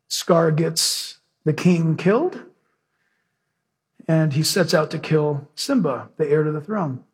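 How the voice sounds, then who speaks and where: This pastor, whose husky voice sits on the high side, preaches to his congregation. He moves from telling a story into ardent prayer, repeating praise with mounting emphasis.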